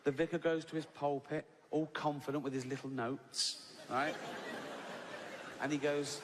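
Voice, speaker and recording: An English comedian in his sixties tells a story on stage with a somewhat high voice. He talks loosely and keeps asking "right?", and a long reverb fills the hall. A clear murmur of the room stays audible behind him. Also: fairly even intonation, normal speed, background noise. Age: 60s. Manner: chatty anecdotal delivery, peppered with "right?" and swearing, laughs at his own story. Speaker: stand-up comedian. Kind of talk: stand-up storytelling. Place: stage in a large hall with a live audience. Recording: reverberant hall, audience ambience.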